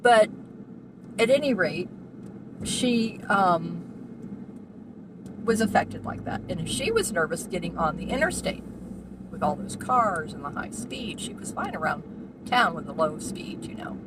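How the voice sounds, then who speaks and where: A woman's voice: lowish voice, expressive, unhurried, pauses often. A woman in her sixties telling a meandering personal story while driving, full of asides and fillers. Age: 60s. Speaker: vlogger. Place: inside a car while driving. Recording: car road noise behind. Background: car engine and road noise.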